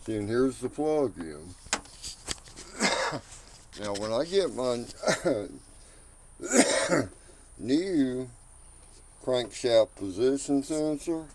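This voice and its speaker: A man talks slowly through a truck repair, pointing out parts as he goes and sounding a little out of breath. He speaks at an ordinary pitch with a rambling, offhand manner. The sound is a phone recording made outdoors, with faint noise behind him. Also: very animated. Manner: slow, rambling, talks while working. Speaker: home mechanic. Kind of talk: casual how-to video.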